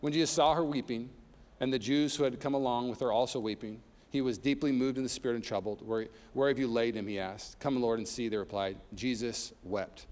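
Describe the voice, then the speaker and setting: A man's voice: medium pitch, fairly even intonation, a little fast, darkish tone. A man preaching a sermon as pastor, reading scripture and telling personal stories with humor and rising intensity. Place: church sanctuary. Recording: long reverb of a large hall.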